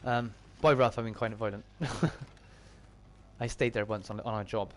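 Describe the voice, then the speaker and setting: In this clip the Bristolian streamer's voice is fairly low and his pace measured. He chats through the live stream, commenting on his game and replying to his chat.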